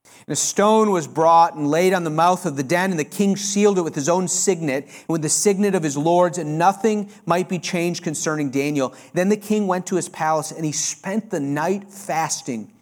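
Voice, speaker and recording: A male preacher delivering a sermon, reading a scripture passage with expressive, emphatic delivery. He often stops to explain the text in his own words. His voice sits a little higher than most men's. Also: moderate pace. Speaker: pastor.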